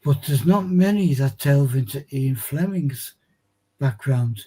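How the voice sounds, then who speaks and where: A man co-hosting a casual chat, giving measured, reflective replies. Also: mid-range voice, expressive, warm tone, breathy edge, poor audio. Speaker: co-host.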